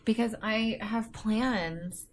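A woman's voice: on the high side, takes it slowly, slight background noise. A woman co-hosting a casual podcast, playful and giggly, teasing her co-host.

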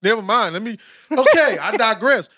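An American man hosting a podcast in a casual, animated way, with lots of fillers. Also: high-pitched, moderate pace, no echo, clean studio sound. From United States. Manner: animated and talkative, with frequent fillers. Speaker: podcast host interviewing a guest. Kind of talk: casual chat.

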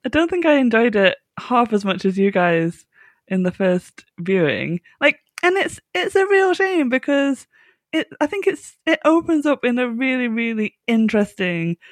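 A woman's voice: a little high, very animated, normal speed, no echo. A woman co-hosting a podcast in casual chat, laughing often and restarting her sentences. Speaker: podcast co-host. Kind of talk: casual chat reviewing a TV episode.

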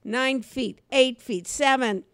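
An older woman with a high voice tells stories with animation, dropping to quiet asides and rising to loud outbursts. She talks at an unhurried pace, close to the mic in a dry room with no echo. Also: clear, resonant tone. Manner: expressive, swings from quiet to loud exclamations, laughs often. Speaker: podcast co-host and comedy teacher. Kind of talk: animated conversational storytelling.

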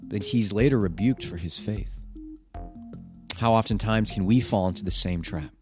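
A man's voice: fairly low pitch, normal speed, a little mellow, faint music behind. A man reading scripture and then preaching about it in an earnest, conversational way, with filler words.

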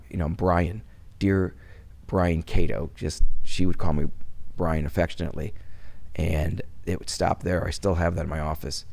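A man's voice: sits low, gravelly. A middle-aged man from Wisconsin, a guest talking casually and rambling with many restarts. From Wisconsin, USA. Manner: rambling, many restarts, turns soft when recalling loss. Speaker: interview guest. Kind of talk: casual interview conversation.

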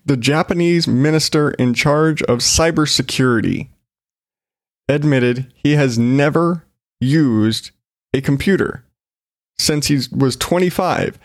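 A man's voice: a little high, dry recording, studio quality. A man hosting his own show, giving casual, sarcastic commentary on odd news stories, swearing and laughing as he goes. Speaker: solo show host.

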